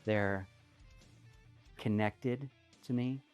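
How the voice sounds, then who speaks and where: A man's voice: fairly low pitch, extremely slow, a little mellow, clean tone, faint music behind. A man voicing a cold scheming villainess. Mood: menacing.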